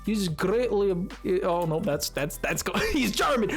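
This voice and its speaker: A man's voice: high-pitched, very animated, moderate pace, creaky, soft background music. A man streaming a game live, chatting casually with his viewers in a rambling way and laughing often.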